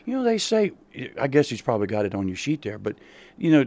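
A man's voice: medium pitch, big pitch swings, quick pace, a little mellow. Earnest man with opinions, chatting on the radio. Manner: earnest, opinionated, repeats himself. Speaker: radio guest. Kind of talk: casual radio chat.

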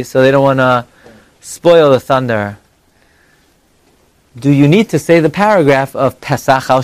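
A man teaching an evening religious class to a live audience. He talks in an animated, conversational way, with rhetorical questions and mock dialogue, and he swings between high exclamations and low asides. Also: no echo.

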